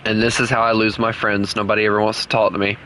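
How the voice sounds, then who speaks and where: A man's voice: fairly low pitch, little pitch movement, fast talker, pushed and bright, slight background noise. A man streaming a game and chatting casually with viewers, joking and teasing. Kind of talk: casual gameplay chat with viewers.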